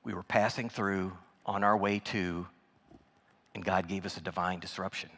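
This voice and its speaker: A man's voice: low-pitched, steady tone, moderate pace, a bit bright. A man preaching as a guest speaker, telling personal stories in a folksy, conversational way with frequent restarts. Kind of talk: sermon storytelling. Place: church sanctuary. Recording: reverberant church hall.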